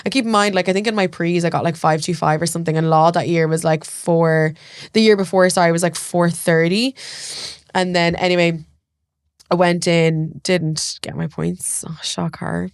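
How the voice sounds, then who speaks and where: A woman's voice: fairly low pitch, steady tone, clean tone, no room sound, studio quality. An Irish woman telling a personal story as a podcast guest, chatty and full of "like". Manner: rapid, chatty, peppered with "like". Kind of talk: casual storytelling interview.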